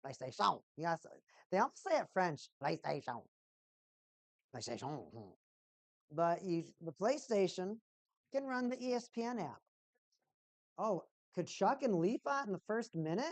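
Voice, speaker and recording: A woman's voice: medium pitch, expressive, moderate pace, darkish tone, no echo. A woman hosting a hockey watch party stream, chatting casually and playfully, rambling and repeating phrases in a sing-song way. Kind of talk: casual livestream chat with play-by-play.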